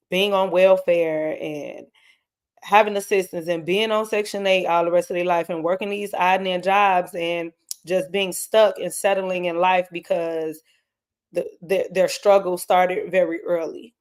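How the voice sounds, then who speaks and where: A woman's voice: lowish voice, smooth. Candid woman hosting a live stream. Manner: candid, emotional, talks straight to her chat. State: tearing up. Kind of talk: casual live stream chat.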